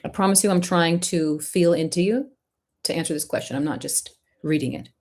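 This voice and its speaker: A woman's voice: fairly low pitch, brisk. A woman hosting a live-stream Q&A, coaching artists in an emphatic, direct and encouraging way. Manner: warmly encouraging to the questioner.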